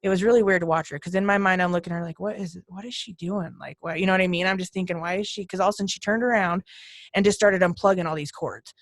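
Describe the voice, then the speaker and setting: Animated woman telling ghost stories. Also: lowish voice, very fast, no echo, studio quality. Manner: animated, acts out voices in her stories. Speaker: ghost hunter guest. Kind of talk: casual podcast storytelling.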